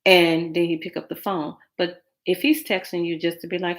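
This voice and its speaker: A dating coach hosting a podcast speaks in a lowish voice at normal speed, barely pausing. Her advice is casual and animated, and she acts out text exchanges in quoted voices.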